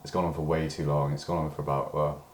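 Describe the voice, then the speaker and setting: Super deep voiced british guy rambling into the camera, lots of "you know" and restarts, echoey room. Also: level tone, quick pace, a little mellow, a little hiss or hum. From Britain. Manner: meandering, full of hedges and restarts, swears when worked up. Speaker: diary vlogger. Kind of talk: rambling personal monologue.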